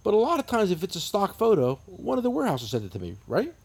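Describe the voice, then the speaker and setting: A man's voice: high voice, huge pitch swings, fast, gravelly, darkish tone, husky. A man in his fifties with a New Jersey accent, co-hosting a podcast and telling long, profane, rambling stories. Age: 50s. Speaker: podcast co-host. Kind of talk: casual chat.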